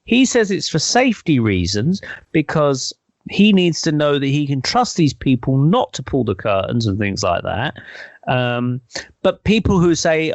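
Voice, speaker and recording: A man's voice: mid-range voice, animated, normal speed, no echo. A man in casual conversation, explaining at length in a thoughtful, hedging, speculative way. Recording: dull, dry lo-fi recording.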